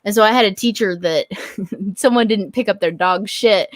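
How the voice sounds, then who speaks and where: A woman's voice: mid-range voice, moderate pace, no room sound, studio quality. A woman guest on a podcast, talking casually with frequent swearing and self-mocking asides. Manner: laughing, profane, self-deprecating. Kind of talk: casual chat.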